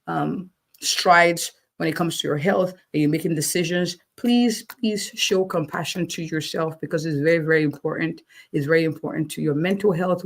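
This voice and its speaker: A woman physician answering interview questions, encouraging and checking in with listeners, often repeating words for emphasis. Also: lowish voice. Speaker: physician guest.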